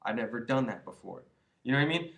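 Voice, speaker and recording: A man's voice: medium pitch, animated, fast, creaky, fairly bright tone, slight background noise. A young man in his twenties giving rambling, earnest advice to his viewers in a casual vlog, full of restarts and "you know"s. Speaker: vlogger. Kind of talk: casual advice monologue to camera.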